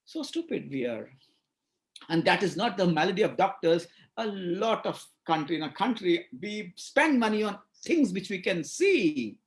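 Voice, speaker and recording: A man with an Indian English accent giving an animated webinar lecture, acting out dialogues and repeating words. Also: high-pitched. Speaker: psychiatrist speaker at a medical webinar.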